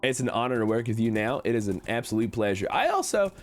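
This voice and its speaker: Playing a talkative cowboy con man, a man streams a game and reads chat aloud. His talk is folksy and fast, broken by sudden excited leaps up in pitch.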